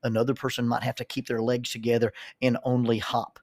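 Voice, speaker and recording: A man's voice: mid-range voice, level tone, fairly quick, a little mellow, no echo, clean studio sound. A man, a counselor and minister, telling stories in a folksy way, often repeating words as he starts a thought. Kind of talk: storytelling monologue.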